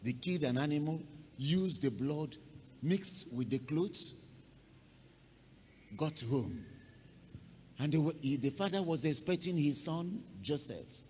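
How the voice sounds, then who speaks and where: A man's voice: a little high, slow pace, pauses often, darkish tone. A male pastor preaching a sermon, telling a scripture story dramatically and acting it out. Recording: long hall reverb, faint noise.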